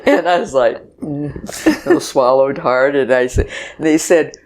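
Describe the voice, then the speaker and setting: An older woman with a rumbling low, slightly mellow voice speaks unhurriedly as a guest on an interview show. She's a festival organizer, telling stories in a chatty, casual way and laughing as she goes.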